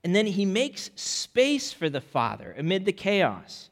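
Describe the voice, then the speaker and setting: Slow, earnest male preacher in a reverberant hall. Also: sits high, huge pitch swings. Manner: earnest, deliberate preaching with repeated restarts. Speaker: pastor. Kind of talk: sermon.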